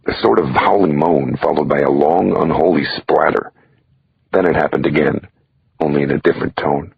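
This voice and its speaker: A man's voice: extremely low pitch, normal speed, creaky, slightly rough. A man reading a crime thriller audiobook aloud in a wry first-person storytelling manner. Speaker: audiobook narrator. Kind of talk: scripted audiobook narration. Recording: dull dry lo-fi recording.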